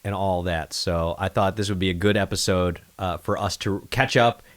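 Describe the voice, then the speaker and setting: Podcast host, man, lowish voice, animated storyteller, casual and profane. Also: moderate pace. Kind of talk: casual chat.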